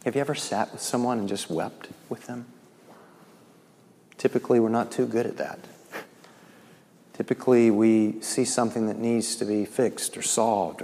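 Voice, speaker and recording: A man preaching a sermon as pastor, swinging from loud, lifted lines to quiet, low ones. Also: slight background noise. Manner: preaching with sudden loud lifts and quiet drops. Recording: long hall reverb.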